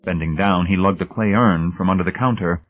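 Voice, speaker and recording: A man reading a novel aloud as audiobook narrator, in steady, measured scripted narration. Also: low-pitched. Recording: tinny phone-like band.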